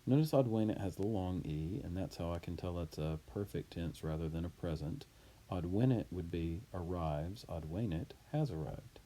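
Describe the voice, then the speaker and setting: A man teaching Latin, reading a text aloud and explaining it deliberately, word by word. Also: sits low, warm tone, a little hiss or hum.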